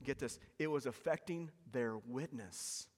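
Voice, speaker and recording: A man's voice: mid-range voice, measured pace. Earnest male pastor preaching in a hall. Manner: earnest, pleading, repeats words when emphasizing. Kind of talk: sermon.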